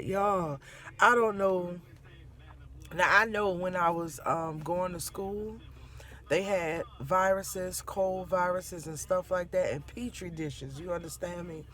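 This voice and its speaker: A middle-aged grandmother telling a family story to her viewers, animated and laughing as she goes. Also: on the low side. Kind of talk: casual storytelling to camera.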